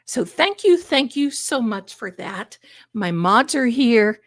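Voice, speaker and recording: A woman's voice: fairly high pitch, very animated, takes it slowly, dry recording, clean studio sound. A woman hosting a livestream, chatty and theatrical, calling viewers her darlings, her voice congested from allergies. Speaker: livestream host. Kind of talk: casual livestream chat.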